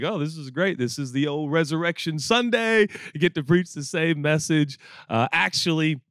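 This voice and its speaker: A male pastor in his forties preaches to his church in an animated, storytelling way. His voice sits a little high for a man and sounds dry and close to the mic. He cracks jokes and acts out old conversations as he goes. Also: no room sound. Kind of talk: sermon. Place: church auditorium with audience.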